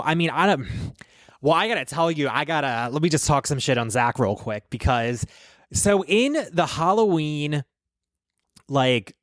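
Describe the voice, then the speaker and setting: A man's voice: medium pitch, dry recording, clean studio sound. A man hosting a casual reaction chat, talking in a rambling, profane, gossipy way. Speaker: host.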